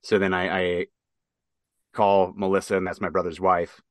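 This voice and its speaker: Veteran guest, male, from Nebraska; halting casual storyteller, dry close sound. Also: low voice, little pitch movement, no echo. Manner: halting, many fillers and restarts. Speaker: interview guest, military veteran.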